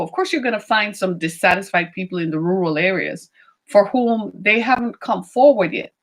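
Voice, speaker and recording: A woman giving opinionated commentary, emphatic, asking rhetorical questions and slowing down on key points. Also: medium pitch. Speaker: political commentator.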